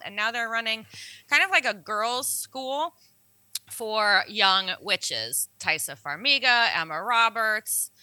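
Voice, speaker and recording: Woman, podcast co-host, casual chat, enthusiastic, very bright tone, dry close sound. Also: medium pitch, smooth, no room sound, poor audio. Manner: lively, enthusiastic recapping. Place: New Orleans.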